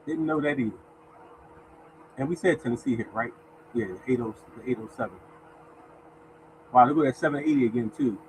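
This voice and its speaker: A man's voice: medium pitch, a little fast, pauses often, slight background noise, rough recording. A man hosting a casual live lottery stream, chatting with viewers, greeting them by name and reading out winning numbers. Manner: mutters softly to himself while searching. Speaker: lottery show host.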